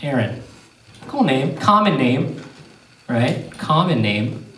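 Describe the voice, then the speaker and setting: A male stand-up comedian doing an animated storytelling set with crowd work on a theater stage. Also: medium pitch, takes it slowly, recorded from a distance. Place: theater stage before a live audience. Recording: echoey theater heard from afar. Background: audience laughter.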